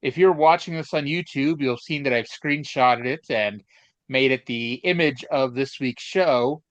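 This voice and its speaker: A podcast co-host with a medium-pitched voice talks a little slowly, rambling and hesitating through stories with plenty of fillers. It's a casual chat show, and the sound is dry, dull, and lo-fi with no echo.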